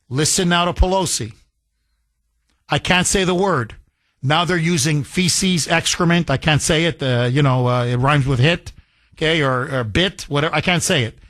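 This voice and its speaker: A male talk radio host with a high, bright, forceful voice, delivering a combative monologue. He talks at a slow, deliberate pace and repeats phrases for emphasis.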